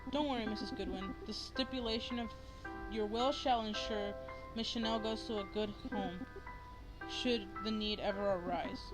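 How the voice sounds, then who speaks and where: A woman's voice: medium pitch, moderate pace, lightly acted, poor audio. A woman voicing a weary young male lawyer, reading game dialogue plainly over game music.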